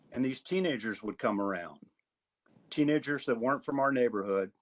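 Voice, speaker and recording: A man from Augusta, Georgia, chairing an advisory committee in a virtual meeting, giving earnest, measured prepared remarks. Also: mid-range voice, poor audio.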